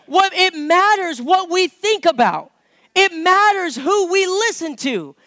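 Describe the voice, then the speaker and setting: Very high-voiced man preaching casually. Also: animated, slow, pushed and bright, dry recording, studio quality. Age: adult parent. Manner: conversational, repeats words, builds to emphatic preaching. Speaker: pastor or Bible teacher. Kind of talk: informal sermon with scripture reading.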